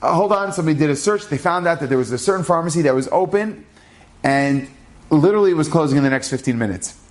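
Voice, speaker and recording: A rabbi retelling an inspirational story in a lively way, acting out the dialogue. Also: male voice, fairly high pitch, fast talker. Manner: animated, acts out dialogue.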